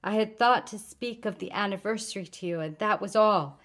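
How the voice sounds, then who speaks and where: A woman reading the part of a grieving adult refugee woman, speaking softly with controlled bitterness. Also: mid-range voice, moderate pace, lightly acted. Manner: soft, hushed, controlled grief.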